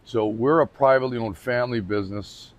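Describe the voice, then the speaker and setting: In a dry recording, a man with a medium-pitched voice speaks fairly quickly while presenting his company's brand on camera. His talk is informal and chatty, with frequent sentence restarts and light jokes slipped in.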